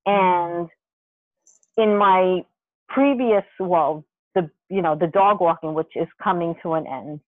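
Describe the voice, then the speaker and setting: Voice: medium pitch, slow pace, no echo. Rambling podcaster on a tinny phone line. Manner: rambling, animated storytelling with many restarts and occasional swearing. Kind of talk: casual podcast chat.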